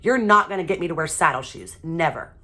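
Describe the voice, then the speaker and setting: A woman's voice: deep voice, expressive, brisk, pushed and bright, exaggerated voice. A woman voicing a stubborn, grumbling schoolboy.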